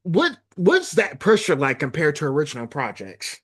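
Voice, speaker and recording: Lively, playful male podcast host. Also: fairly high pitch, normal speed, husky. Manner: playful, joking, animated. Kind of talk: casual interview chat.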